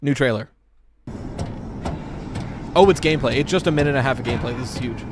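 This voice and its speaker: On his live stream, a man gets animated and excitable over a game trailer, chatting casually and cursing as he addresses his chat. His medium-pitched voice moves very fast, and there's noise in the background.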